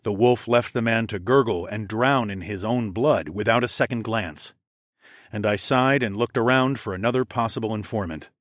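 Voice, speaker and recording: A man reading a first-person audiobook in steady, measured scripted narration. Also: on the low side, dry recording, clean studio sound.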